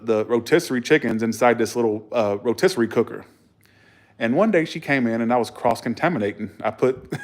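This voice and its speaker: A man spins stories straight to camera in a loose, casual vlog. He is blunt and profane, acts out the arguments he describes, and chuckles between remarks. His voice sits at an ordinary middle pitch. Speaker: vlogger.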